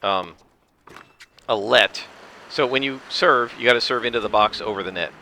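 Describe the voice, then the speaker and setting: A man giving casual commentary over his own tennis game, explaining the rules at length and rambling with restarts and throat clearing. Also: medium pitch, moderate pace, bright, forceful tone, slight background noise. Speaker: gameplay commentator. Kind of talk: casual let's-play commentary.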